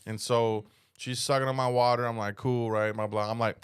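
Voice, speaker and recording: A young man hosting a comedy podcast, telling a rambling, profane story in casual chat and breaking into loud shouted impressions. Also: medium pitch, fairly even intonation, brisk, smooth.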